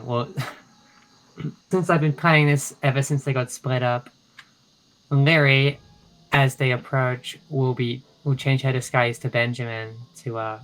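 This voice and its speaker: A man's voice: medium pitch, little pitch movement, unhurried, a bit bright, low-quality recording. A man playing a tabletop role-playing game, playfully describing his character's actions in third person. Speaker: player.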